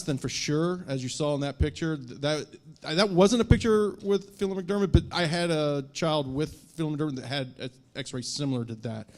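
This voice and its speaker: A man's voice: on the high side, a little mellow. A man, a doctor on a conference panel, explaining things plainly and offering practical advice to families.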